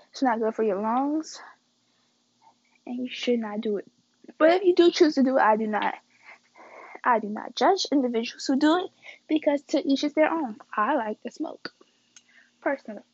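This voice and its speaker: On a muffled recording with no echo, a young woman chats casually with her viewers through a story, her voice fairly high and slightly rough. She's slangy, addresses the audience as "guys" and "y'all," and plays out the quoted dialogue with drama.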